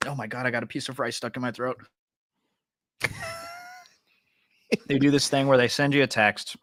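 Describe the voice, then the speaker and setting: A man's voice: medium pitch, steady tone, moderate pace, a bit bright, slight background noise. A man co-hosting a podcast in casual, teasing chat, laughing often. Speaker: podcast co-host.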